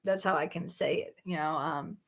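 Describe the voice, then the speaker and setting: A woman's voice: low voice, fairly even intonation, moderate pace. A woman hosting a casual livestream chat, rambling and exclaiming in disbelief. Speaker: livestream host.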